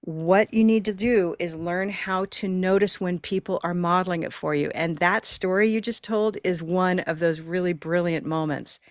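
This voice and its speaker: A woman with a lowish voice leads a live online pronunciation class in an upbeat, encouraging, chatty way. She speaks through a computer microphone in a very dry, close sound. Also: normal speed, hardly any pauses, dry recording. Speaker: pronunciation teacher hosting a live online session.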